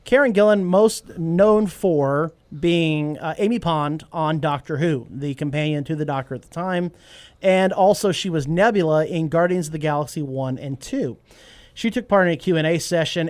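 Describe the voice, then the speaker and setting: Man, high voice, podcast host, animated and joking, dry recording. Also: no room sound. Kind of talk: casual chat.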